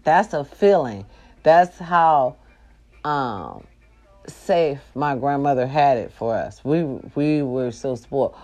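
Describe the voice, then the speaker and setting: A middle-aged woman hosts, telling a family story in loose, animated bursts. She swears freely and keeps calling out to her listeners. Her voice sits a little low for a woman. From American South. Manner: animated, profane, talks to listeners as y'all. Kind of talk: casual storytelling.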